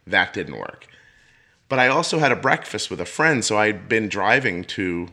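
A middle-aged man with a bright, forceful voice that sits on the low side, telling a long story in an easy conversational way. He slips into the voices of the people he quotes, so his storytelling stays lively. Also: moderate pace. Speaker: podcast host. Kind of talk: casual storytelling chat.

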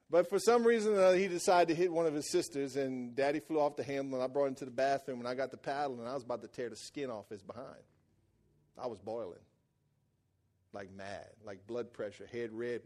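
A man preaching a sermon as pastor. He tells stories in a colloquial, joking way and swings from loud excited peaks to hushed low passages. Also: fairly quick.

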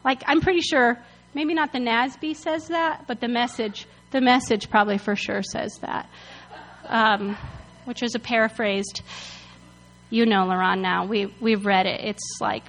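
A woman leading a casual Bible study, chatty and animated, full of "like" and "you know" as she retells the story. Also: a little high, measured pace, in a large hall.

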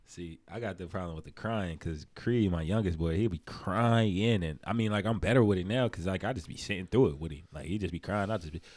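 Low-voiced young man, casual podcast chat. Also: quick pace, few pauses, no room sound. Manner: animated storytelling, slips into high mimicking voices. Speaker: podcast co-host.

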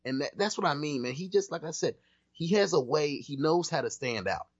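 Husky, emphatic podcast co-host man. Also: on the high side, animated, brisk, dry recording, lo-fi sound. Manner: emphatic, rambling, restarts often. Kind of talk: casual chat.

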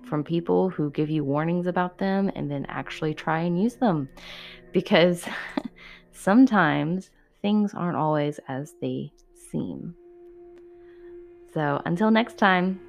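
A woman reading a horror story aloud in a steady, measured way, then chatting to her listeners. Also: on the low side, vocal fry, soft background music.

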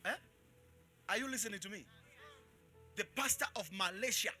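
A man preaching a live sermon to his congregation as pastor, calling out for responses and switching between shouts and quiet asides. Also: high-pitched, moderate pace, faint music behind. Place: church in front of a congregation.

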